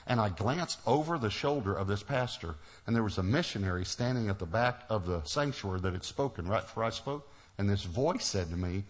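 A middle-aged preacher with a fairly low voice tells a personal story from the pulpit. He acts out each exchange and laughs as he goes. The delivery is lively storytelling rather than a lecture. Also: fairly quick. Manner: animated storyteller, acts out dialogue, laughs often. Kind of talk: sermon storytelling.

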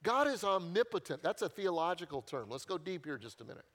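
A man's voice: fairly high pitch, very animated, a little fast, fairly bright tone. A male pastor preaching a sermon in a conversational, storytelling way, with self-deprecating humor and key phrases repeated for emphasis.

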